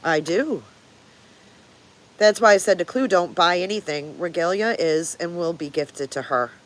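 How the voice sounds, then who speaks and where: An older woman hosts a casual livestream, speaking unhurriedly in a fairly low-pitched voice. She answers her viewers one by one, blunt and freely swearing, chuckling frequently.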